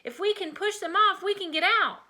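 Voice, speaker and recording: A woman voicing a brave, excited young boy in first grade, calling out loudly in a high voice. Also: moderate pace. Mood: urging. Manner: high, loud shouting.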